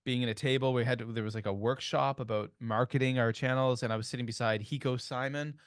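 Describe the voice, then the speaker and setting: A man's voice: mid-range voice, fairly even intonation, quick pace, smooth, no echo, studio quality. Chatty Canadian man hosting a podcast. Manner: chatty, storytelling, many restarts. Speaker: podcast host. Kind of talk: casual podcast chat.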